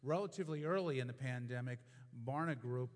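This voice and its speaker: A man's voice: mid-range voice, fairly quick. A man preaching a sermon as pastor, explaining a passage carefully and then building to emphatic, repeated points. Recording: long hall reverb.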